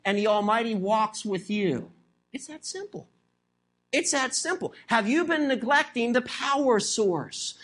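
A preacher delivering a sermon with steady emphasis. Key phrases get repeated for weight, and rhetorical questions are pressed at the listeners. The pitch sits in an ordinary middle range. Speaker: pastor.

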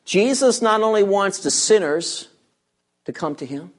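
A preacher giving an expository sermon, walking listeners through scripture verse by verse. The delivery is emphatic and repeats key words, slowing down to stress them. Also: mid-range voice, lively intonation.

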